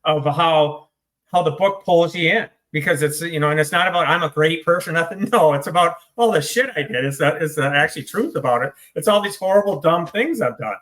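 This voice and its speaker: Choked up, a middle-aged man from the United States relays his own recovery story in an interview, swearing bluntly and running himself down. He's an author in recovery, and his slightly high voice moves briskly with a fairly bright tone.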